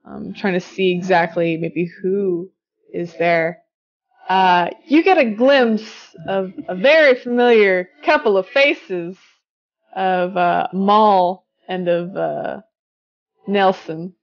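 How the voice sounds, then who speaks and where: A woman's voice: on the low side, fairly even intonation, slow pace, highs cut off. Laid-back woman game master. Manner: casual, laughing, swears freely. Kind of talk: narrating a tabletop game.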